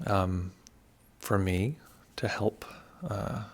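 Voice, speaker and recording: Low, gravelly-voiced meditation teacher. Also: male voice, very slow. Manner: relaxed, digressive, thoughtful. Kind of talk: livestream teaching talk.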